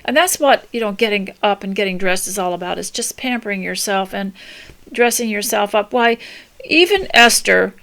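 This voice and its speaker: Unhurried older woman giving homemaking advice. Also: medium pitch, vocal fry. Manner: gentle, unhurried, many ums and restarts. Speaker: homemaking podcast host. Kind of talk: casual spoken advice talk.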